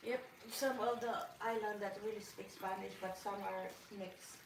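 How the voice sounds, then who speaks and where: A woman from the Philippines chiming in excitedly and laughing during her husband's home livestream. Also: medium pitch, normal speed, a little hiss or hum. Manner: excitable, laughs often, chimes in from off to the side. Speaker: host's wife. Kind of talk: casual live chat. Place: home living room. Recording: roomy, away from the mic.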